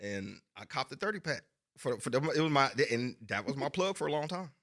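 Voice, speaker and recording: A man's voice: medium pitch, big pitch swings, brisk, a bit bright. A man co-hosting a podcast who tells loose, laughing stories in casual chat. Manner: loose, laughing storyteller who acts out other people's voices. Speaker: podcast co-host.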